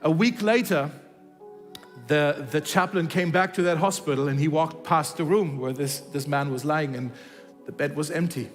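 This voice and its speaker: A pastor with a voice on the high side and a moderate pace gives a sermon in a church hall, narrating a story and acting out its dialogue with frequent restarts. The room sounds big, and faint music plays in the background.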